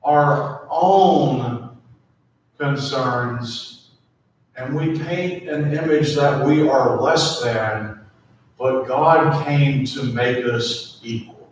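A male pastor delivers a sermon at a slow, deliberate pace, pressing each phrase home. His voice rings through a very reverberant hall, picked up from some distance with faint room ambience. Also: mid-range voice, a little mellow, slight background noise. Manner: slow, emphatic preaching with repeated call-and-response prompts. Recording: echoey hall, mic at a distance.

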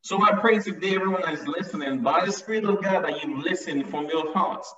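A man's voice: high voice, a little fast, a bit bright. A man preaching a sermon with emphasis, often repeating his lines to drive them home. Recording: echoey, distant, dull sound.

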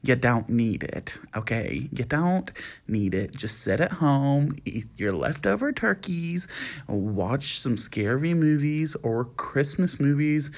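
A young American podcast host, recording alone at home at night, takes his time speaking in an animated, mid-range voice. He's casual, sassy, and chatty, leaning on frequent fillers.

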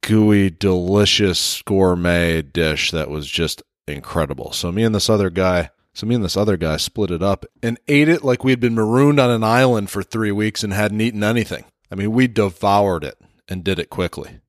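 A man's voice: on the low side, normal speed, dry recording, studio quality. Earnest man telling a story to teach. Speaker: leadership speaker. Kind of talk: motivational talk with personal storytelling.

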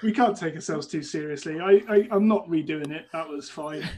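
Podcast co-host, high-pitched man, relaxed teasing banter. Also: moderate pace. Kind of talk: casual banter.

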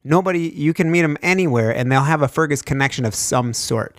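A man hosting a casual conversation, relaxed and a bit hesitant as he talks. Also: a little high, a little fast, no echo, clean studio sound. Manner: relaxed, hesitant, with fillers and restarts.

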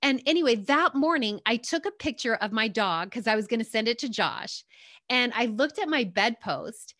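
Chatty rambling woman, bright and close. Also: a little high, expressive, normal speed, dry recording. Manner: rambling, loops back with "anyway" and "like". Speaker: guest sharing her story. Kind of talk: casual storytelling.

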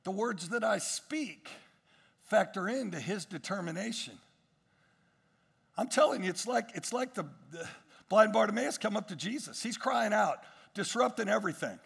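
A male pastor preaching a sermon, swinging between quiet asides and emphatic rises, with frequent repetitions and restarts. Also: high voice, expressive, moderate pace, vocal fry, husky, big-room sound.

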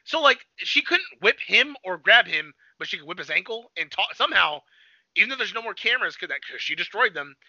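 Man, very bright voice, casual rambling plot recap, dry lo-fi sound. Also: sits high, a little fast, no room sound. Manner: rambling plot retelling full of "like", with animated quoted voices. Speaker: podcast co-host reviewing a movie. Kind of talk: casual chat. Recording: slightly dull lo-fi, dry.

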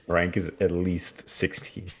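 A man's voice: low-pitched, level tone, takes it slowly, slightly rough. A man co-hosting a podcast, trading wry jokes in casual recap chat. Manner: wry, jokey asides. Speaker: podcast co-host.

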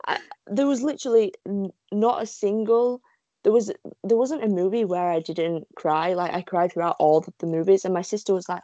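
A woman from the UK chatting casually, telling fan stories in a gushing, giggly, animated way. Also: medium pitch, moderate pace, no room sound, lo-fi sound. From United Kingdom. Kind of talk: casual chat.

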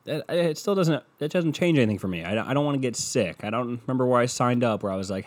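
A man's voice: mid-range voice, big pitch swings, fast, hardly any pauses. A young man talking to his viewers in a loose, profane, rambling vlog rant, full of mocking asides.

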